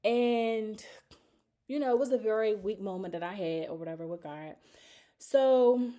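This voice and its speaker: A woman's voice: mid-range voice, measured pace, mellow. A woman, telling a personal story in a candid, emotional, rambling way on her vlog. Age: 30s. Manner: emotional, confessional, rambling with many fillers. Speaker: vlogger.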